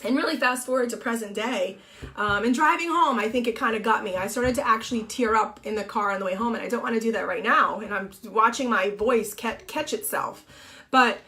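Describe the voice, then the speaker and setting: A middle-aged woman and blogger talking on a Facebook Live, tearful and halting with many restarts, crying as she speaks. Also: fairly high pitch, bright, forceful tone. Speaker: blogger and TV co-host. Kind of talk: emotional Facebook Live monologue. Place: home office.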